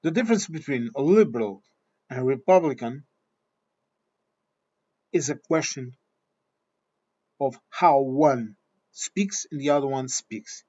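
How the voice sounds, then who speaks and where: A man's voice: medium pitch, animated, measured pace, long pauses, warm tone, husky. Blunt, swearing man on a dull recording. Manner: blunt, swearing, repeats himself. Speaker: vlogger. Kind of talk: opinion monologue.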